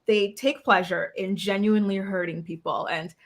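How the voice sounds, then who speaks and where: A woman's voice: mid-range voice, fairly even intonation, moderate pace. A woman guest in a casual recap chat, outspoken and blunt with her opinions. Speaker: guest commentator.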